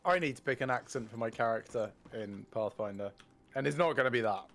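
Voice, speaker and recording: A man's voice: mid-range voice, fairly quick. A man joking and telling stories in casual chat with a friend over a game. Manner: joking, animated storyteller. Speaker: co-player. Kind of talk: casual chat while gaming.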